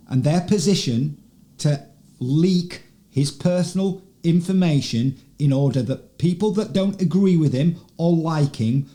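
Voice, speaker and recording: A man hosting political commentary, talking slowly and emphatically, repeating words for stress and asking rhetorical questions. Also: fairly high pitch, mellow. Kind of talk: slow deliberate commentary.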